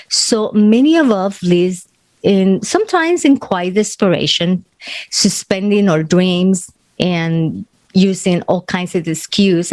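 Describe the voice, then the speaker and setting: A woman's voice: fairly low pitch, a little mellow, no room sound. Spanish-accented woman hosting a motivational podcast. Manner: earnest, encouraging, non-native grammar. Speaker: podcast host.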